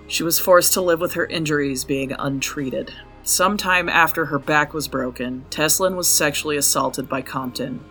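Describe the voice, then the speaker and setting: A man narrates a true crime case for his podcast in a blunt, openly angry way, swearing freely. His voice sits a little high and sounds bright and forceful. Soft music plays underneath.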